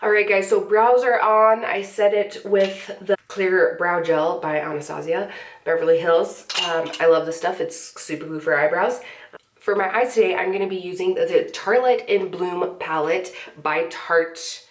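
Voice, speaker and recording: Chatty young woman, slightly low voice. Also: normal speed, distant mic. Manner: chatty, relaxed, filler-heavy. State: sniffly from a cold. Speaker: beauty vlogger. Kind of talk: casual makeup tutorial. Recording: echoey room, slightly off-mic.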